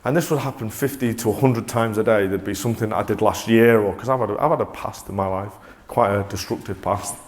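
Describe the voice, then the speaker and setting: A man presenting a motivational talk to a live audience, energetic and coaxing, often restarting mid-sentence. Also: lowish voice, a little fast, few pauses. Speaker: corporate presenter.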